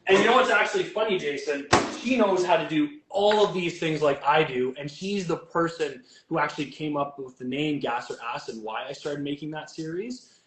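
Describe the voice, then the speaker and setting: A chatty, upbeat man with a fairly high voice talks through each cooking step as he goes. He speaks casually, as a guest chef in a kitchen. The sound bounces around an echoey room. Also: normal speed, few pauses, a bit bright, slight background noise. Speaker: guest chef and bodybuilding coach. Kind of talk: casual chat while cooking.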